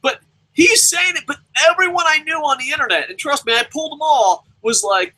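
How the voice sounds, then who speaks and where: A man's voice: very high-pitched, animated, moderate pace, sharp tone, poor audio. A young adult man ranting through a profane wrestling review, swearing nonstop and mocking the people he talks about. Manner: swears constantly, rants, mimics people mockingly.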